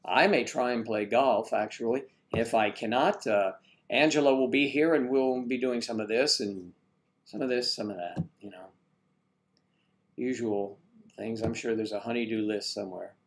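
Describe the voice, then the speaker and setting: A man chatting casually on a live stream, with a voice of ordinary pitch for a man. He rambles and jokes as he greets viewers and reads out their comments. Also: normal speed.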